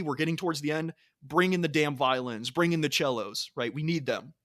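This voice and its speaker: A man's voice: fairly high pitch, fairly bright tone. A man co-hosting a music podcast in casual chat, enthusiastic, singing and beatboxing bits of songs as he talks. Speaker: podcast co-host.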